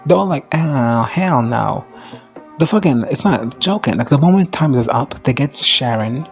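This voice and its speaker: A man giving a casual, profane, rambling recap of a show, now and then jumping into high-pitched voices to quote characters. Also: expressive, fairly quick, faint music behind. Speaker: recap vlogger.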